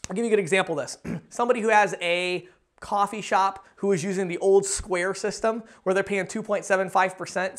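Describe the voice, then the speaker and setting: Energetic man giving sales training. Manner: energetic, acts out sales pitches with shifting tones. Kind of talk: direct-to-camera sales training talk.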